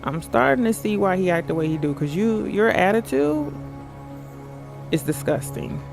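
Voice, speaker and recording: Gravelly man joking through a game. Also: high-pitched, sing-song, normal speed. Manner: joking, chatty asides. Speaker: gaming channel host. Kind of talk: casual gameplay commentary. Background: game music.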